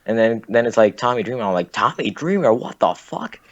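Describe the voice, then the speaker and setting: A man's voice: lowish voice, animated, fairly quick. A young man calling in to a live show. He talks casually and hesitantly, with lots of fillers and casual swearing. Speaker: caller. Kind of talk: casual phone-in chat. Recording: dull, lo-fi call audio.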